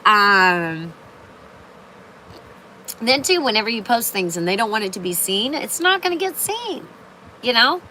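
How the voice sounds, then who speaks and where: A woman's voice: a little high, expressive, unhurried, long pauses, bright, forceful tone, a little hiss or hum, rough recording. An older woman talking on a casual livestream in a rambling way, with many fillers and restarts. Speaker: live streamer.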